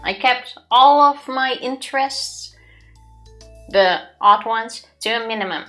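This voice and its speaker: A woman's voice: a little high, slow pace, soft background music. A woman co-hosting a let's play, chatting casually and laughing often. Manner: giggly, animated. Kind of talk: casual chat while playing.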